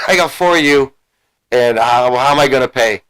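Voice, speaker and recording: A man mimicking an elderly male guru who frets about money, in a halting, mocking delivery. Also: mid-range voice, fairly bright tone, clean tone, no room sound, voice pushed down, natural voice. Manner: mocking, halting, laughing through it.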